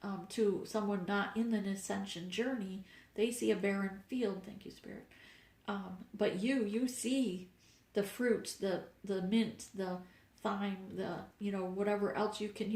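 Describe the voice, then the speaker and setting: A woman giving a casual, meandering tarot reading, a little stuffed up, with fillers and soft laughs. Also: mid-range voice, echoey room. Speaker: spiritual reader.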